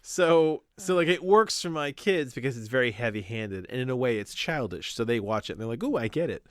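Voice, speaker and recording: A man's voice: medium pitch, a little fast, no room sound, studio quality. A man in his forties co-hosting a podcast in casual chat, rambling with many restarts. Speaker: podcast co-host.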